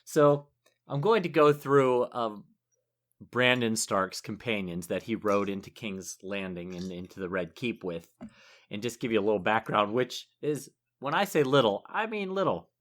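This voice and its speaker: A man's voice: fairly low pitch, normal speed. A man in his forties co-hosting a podcast, chatting casually, rambling and laughing easily. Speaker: podcast co-host. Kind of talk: casual chat.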